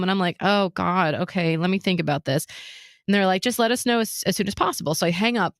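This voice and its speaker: A woman's voice: mid-range voice, fast talker, no echo, clean studio sound. A woman co-hosting a casual talk show, telling a personal story and acting out what other people said, with nervous laughs. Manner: animated retelling that acts out other people's lines, with nervous laughs. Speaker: podcast co-host.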